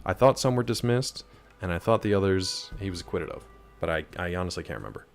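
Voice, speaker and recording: A man's voice: low voice, lively intonation, quick pace, vocal fry, soft background music. A young man chatting casually on a live stream, answering chat and hopping between topics while he plays. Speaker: game streamer.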